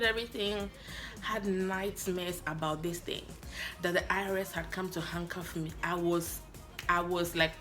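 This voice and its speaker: A woman from Africa telling a story in a lively vlog, acting out both sides of her phone calls. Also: medium pitch. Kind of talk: animated story-time vlog.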